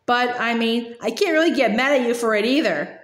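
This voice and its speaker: A woman's voice: fairly high pitch, a little fast, echoey room, natural voice. A woman voicing an earnest, kind-hearted teenage boy hero while reading a storybook aloud.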